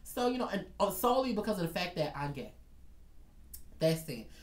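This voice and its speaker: Animated man telling a storytime. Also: high-pitched, normal speed, echoey room. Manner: animated, dramatic, talks straight to viewers. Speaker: vlogger. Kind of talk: storytime vlog.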